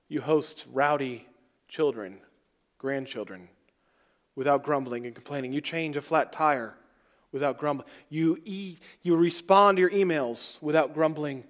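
A man preaching a sermon as pastor, swinging between loud emphatic phrases and soft, trailing words. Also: mid-range voice.

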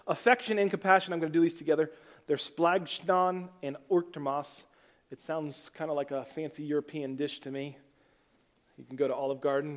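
A man preaching a sermon as pastor, teaching from scripture with casual joking asides to the congregation. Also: mid-range voice.

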